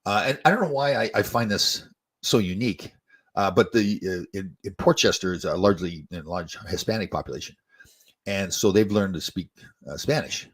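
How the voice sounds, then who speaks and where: A man's voice: low voice, normal speed, breathy edge. A man in his sixties, a former hockey player hosting a show, telling rambling stories in casual chat and chuckling at them. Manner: rambling, restarts often, chuckles at own stories.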